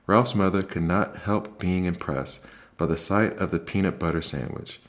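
A man reading a children's book aloud as a soft, calm ASMR bedtime story. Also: low-pitched, moderate pace.

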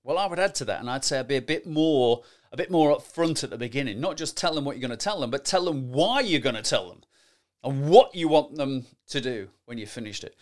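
A middle-aged man gives lively, emphatic podcast advice on presenting, often tagging his points with rhetorical questions. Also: mid-range voice, brisk. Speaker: presentation skills coach. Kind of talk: solo podcast advice talk.

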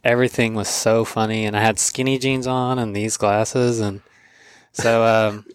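A man hosting a podcast, telling animated stories in casual chat and acting out other people's voices. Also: lowish voice, normal speed, smooth, no room sound. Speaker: podcast host.

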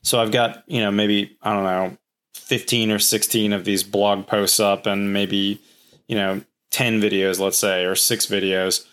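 A man, a guest on a podcast, telling long casual stories about his building business in a rambling, animated way, acting out quotes. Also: lowish voice, unhurried.

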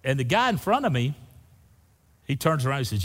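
A man's voice: mid-range voice, very animated, a little fast, fairly bright tone, slightly rough. A man preaching a sermon as pastor, folksy and humorous, saying "y'all" to his congregation. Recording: long hall reverb.

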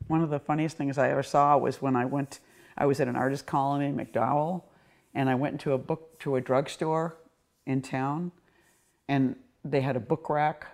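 A woman's voice: a bass voice, darkish tone. A woman poet with a Boston accent, musing in an interview and declaiming her poems with rhetorical questions. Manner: musing, circling, frequent "you know?". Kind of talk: reflective interview talk and spoken-word poetry reading.

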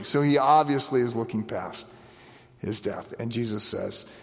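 A man preaching a conversational sermon, animated, with frequent restarts and asides. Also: medium pitch, unhurried, gravelly, big-room sound. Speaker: pastor. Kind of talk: sermon on the stations of the cross.

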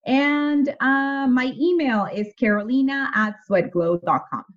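A woman's voice: high voice, measured pace, dull audio. A woman guest on a podcast, a health and nutrition coach, talking candidly and emphatically, swearing now and then and laughing easily. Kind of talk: casual interview chat.

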